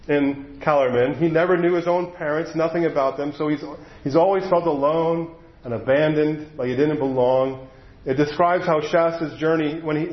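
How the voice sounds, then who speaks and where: Male pastor, fairly high voice, casual storytelling sermon, echoey slightly muffled recording. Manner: conversational storytelling with self-corrections.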